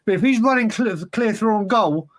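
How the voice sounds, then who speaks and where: High-voiced bloke talking football. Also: male voice, expressive, moderate pace, slight background noise. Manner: rambling, restarts, emphatic opinions. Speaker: podcast co-host. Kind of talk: casual football chat.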